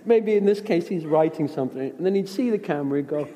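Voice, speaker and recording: A man's voice: a little high, expressive, quick pace, dark tone, in a large hall, a little hiss or hum. A middle-aged actor speaking casually in an interview, reflective and rambling, often restarting his sentences.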